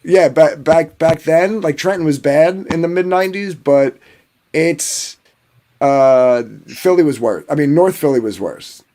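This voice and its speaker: A man from New Jersey spins a long casual story, packing it with fillers, restarts and swearing. His voice sits a little higher than most men's. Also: unhurried, mellow. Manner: rambling, filler-heavy, swearing. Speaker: podcast panelist.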